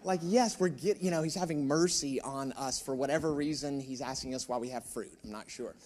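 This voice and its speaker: A male pastor preaching, telling a personal story in an animated, self-mocking way with asides to the room. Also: mid-range voice, a little fast.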